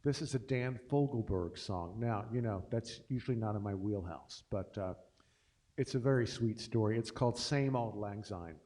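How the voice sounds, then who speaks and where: A man's voice: on the low side, moderate pace, dark tone. A middle-aged man hosting a casual livestream, chatting between songs in a rambling, self-deprecating way. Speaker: host and singer-pianist.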